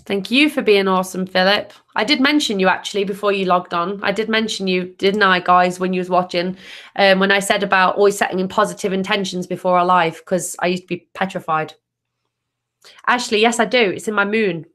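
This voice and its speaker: A woman's voice: mid-range voice, fairly even intonation, brisk, a bit bright. Upbeat woman chatting on a live stream. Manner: upbeat, chatty, often restarts and reads viewer comments aloud. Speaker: tarot reader and live stream host. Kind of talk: casual live stream chat.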